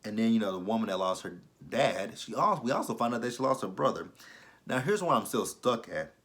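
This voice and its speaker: A man with a lowish voice talks straight to camera, recapping a TV episode. His delivery is casual and blunt, full of profanity. He breaks in often with incredulous asides. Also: expressive, brisk, fairly bright tone. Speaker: TV episode reviewer.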